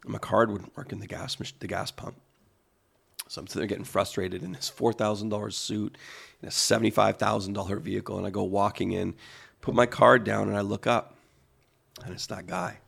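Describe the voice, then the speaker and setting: A man in his forties co-hosting a podcast, telling a personal story slowly, with pauses and repeated phrases. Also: on the low side, fairly even intonation, gravelly, fairly bright tone, husky. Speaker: podcast co-host. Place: podcast studio.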